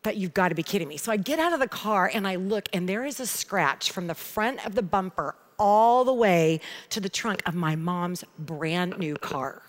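Woman, middle-aged, devotional talk, chatty storytelling, animated. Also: medium pitch, normal speed, hardly any pauses. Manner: conversational storytelling, animated retelling. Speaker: Bible teacher. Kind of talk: devotional teaching with personal story.

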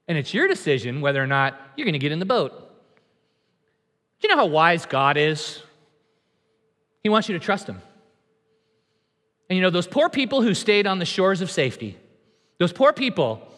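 A man's voice: sits high, fairly bright tone. A male pastor preaching a sermon in a church, emphatic and conversational, acting out quotes. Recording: long hall reverb.

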